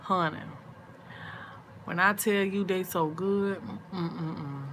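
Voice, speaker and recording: A middle-aged woman, chatting with her viewers late at night in a sleepy, drawn-out, easygoing way. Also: lowish voice, fairly even intonation, a little hiss or hum. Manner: chatty and drawn-out, soft and sleepy, murmured asides. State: sleepy, yawning. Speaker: vlogger on a late-night livestream.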